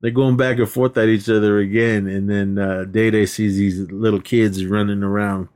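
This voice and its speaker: A man's voice: lowish voice, little pitch movement, normal speed, a little mellow. Laughing, swearing American man recapping a movie. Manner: laughs often, swears freely, restarts sentences while recalling scenes. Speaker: podcast co-host. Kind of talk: casual movie recap chat.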